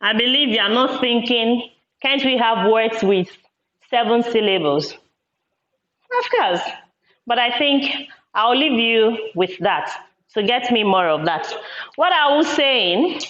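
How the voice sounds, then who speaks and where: A woman teacher giving a classroom lesson, speaking slowly and deliberately and repeating words syllable by syllable. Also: fairly high pitch, a bit bright. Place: classroom with a board. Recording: echoey room, dull lo-fi sound.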